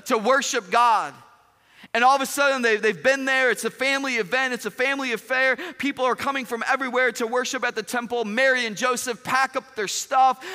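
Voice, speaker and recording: An animated male pastor preaching in a large church hall, his voice high and bright. He plays out little dialogues and throws questions at the crowd, with a long reverb trailing every line. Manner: animated, acts out quoted dialogue, asks the congregation questions. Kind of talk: sermon.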